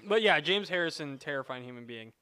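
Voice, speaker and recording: Animated man, swinging pitch. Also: quick pace, clear, resonant tone, no room sound. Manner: animated storyteller, swears casually. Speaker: podcast co-host. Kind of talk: casual chat.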